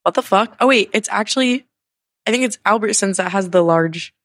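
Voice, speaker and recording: A woman's voice: mid-range voice, moderate pace, no room sound. A young woman hosting a casual podcast, rambling and distracted, swearing often, irritable and with a sore throat. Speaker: podcast host. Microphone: handheld microphone.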